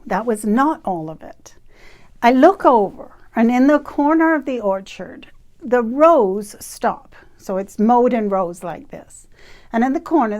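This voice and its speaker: A woman in her fifties from Canada tells a personal story with a fairly high voice. She speaks in an animated, emphatic way and laughs now and then. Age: 50s. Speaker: retreat facilitator.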